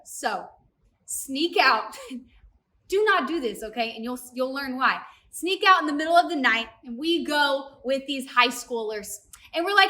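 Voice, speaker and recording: A young woman with a high, bright voice tells a story to a youth group in a lively way, often turning to speak straight to the kids. She sounds a bit distant from the mic, and soft music plays underneath. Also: a little slow. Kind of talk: personal story in a youth service talk.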